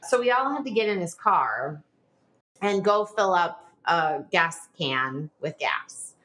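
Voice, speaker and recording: A woman in her forties, a guest on a podcast, tells her story in a loose, chatty way. Her pitch swings up and down a lot, and she fills her phrases with "like" and small nervous laughs. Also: animated, slow, sharp tone. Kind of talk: personal storytelling in a podcast interview.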